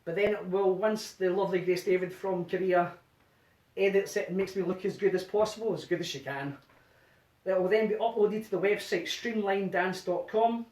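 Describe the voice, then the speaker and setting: A man's voice: high-pitched, steady tone, normal speed, darkish tone. Man calling dance counts in a roomy living room. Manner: counts steps aloud in a rhythmic chant. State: a bit out of breath. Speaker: line dance instructor. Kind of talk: teaching a dance workshop from home. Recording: roomy, distant home video sound.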